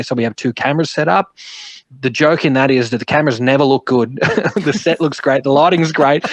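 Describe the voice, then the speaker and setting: A man's voice: medium pitch, no room sound. A man, a podcast guest telling stories in casual, swear-laden chat. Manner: swearing, animated storyteller.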